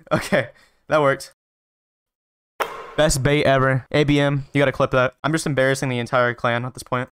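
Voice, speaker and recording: A man giving casual gameplay commentary, trash-talking playfully with quick excited outbursts. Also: medium pitch, slight background noise. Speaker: gaming video creator.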